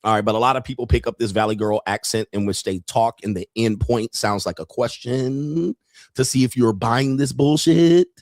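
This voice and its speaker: A man's voice: mid-range voice, moderate pace, no room sound, clean studio sound. A man hosting a commentary show, reacting bluntly and mockingly with profanity and laughter. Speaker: podcast host.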